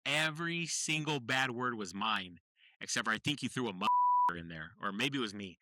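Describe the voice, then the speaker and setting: Man, casual podcast chat, rambling and slangy, very bright timbre, dry recording. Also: mid-range voice, expressive, a little fast, no echo. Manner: rambling, slangy, says "bro" a lot. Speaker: podcast co-host. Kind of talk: casual chat, retelling a movie plot.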